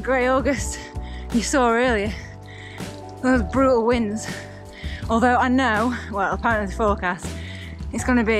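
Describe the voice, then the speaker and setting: A woman chatting casually to camera on a bike ride, bubbly and exclamatory. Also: on the high side. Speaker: cycling vlogger. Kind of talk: casual vlog chat to camera while cycling. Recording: outdoor road noise, music underneath.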